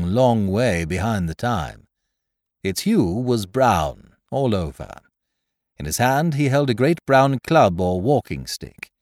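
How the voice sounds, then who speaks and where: A man narrating a classic story aloud with expressive storytelling. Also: medium pitch, no echo, clean studio sound. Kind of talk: audiobook narration.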